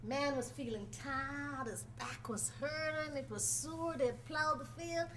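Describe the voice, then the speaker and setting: A woman's voice: high-pitched, a little slow, fairly bright tone, a little hiss or hum. A woman telling a folk tale aloud to a live audience, dramatic and playful, speaking straight to her listeners. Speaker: storyteller. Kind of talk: live folk storytelling performance. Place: college event before a live audience.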